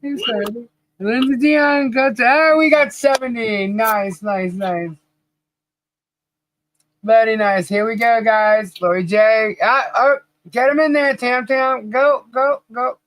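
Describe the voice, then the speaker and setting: Animated woman telling a story, laughing. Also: a little high, takes it slowly, low-quality recording. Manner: animated storyteller, laughs often, reads out chat names. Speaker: podcast co-host. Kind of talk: casual livestream chat.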